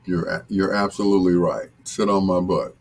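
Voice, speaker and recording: An older man hosting a casual live stream with a deep, husky voice, chatting in a relaxed, joking way as he reads out viewer comments. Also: normal speed. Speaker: host reading viewer comments.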